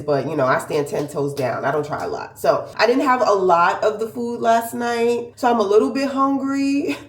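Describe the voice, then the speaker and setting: A woman in her forties tells her travel stories with lively, animated energy. She slips into playful voices when she quotes people. Her voice has a mid-range pitch and sits in a roomy, echoing space. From northern United States. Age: 40s. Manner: animated storytelling, acting out quoted voices with laughs. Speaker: vlogger and business owner. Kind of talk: casual travel vlog chat. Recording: roomy echo.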